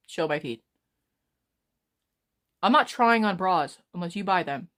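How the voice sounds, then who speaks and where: Twenties woman streamer, fast, rambling, profane, fairly low-pitched. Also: animated, a bit bright. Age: 20s. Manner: rambling, swears a lot, talks fast. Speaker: livestreamer. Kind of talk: casual live stream chat.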